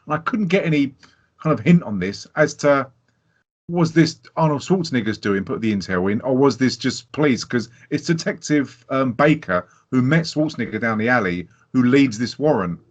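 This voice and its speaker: A man co-hosting a podcast, chatting casually about a film, animated and laughing, swearing freely. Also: medium pitch, normal speed. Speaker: podcast co-host. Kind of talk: casual film review chat. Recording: dull lo-fi sound.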